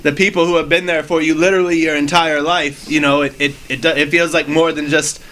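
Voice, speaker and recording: A male wrestler cutting an in-character promo, boastful and animated as he tells his story. His voice sits high for a man and rings bright and forceful. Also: a little fast.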